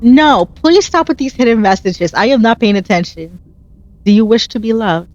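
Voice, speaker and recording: A woman's voice: fairly high pitch, animated, normal speed, darkish tone, muffled recording. A woman hosting her gaming channel, chatting earnestly and encouragingly as she plays, telling stories with animation. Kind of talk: casual gameplay commentary.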